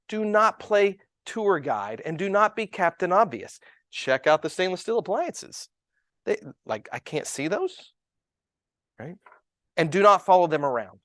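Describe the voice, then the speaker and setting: Animated man coaching real estate agents. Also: sits high, no echo. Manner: animated, storytelling, acts out quoted dialogue. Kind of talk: coaching seminar talk.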